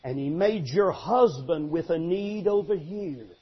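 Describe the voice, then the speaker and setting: An older man, a longtime pastor, preaching an animated sermon with emphatic restarts and sudden shouts. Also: fairly high pitch, unhurried, husky, highs cut off.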